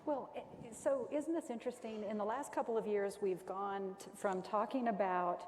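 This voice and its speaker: Upbeat lady ceo chatting on stage, warm mellow voice, echoey room. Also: mid-range voice, moderate pace. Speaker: company CEO panelist. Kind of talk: panel discussion. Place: conference stage. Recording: hall reverb with faint noise.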